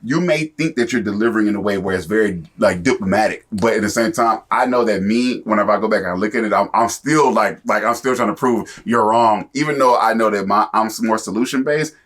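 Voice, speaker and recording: A man in a casual conversation, talking quickly and reflecting out loud as he makes his point. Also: fairly low pitch.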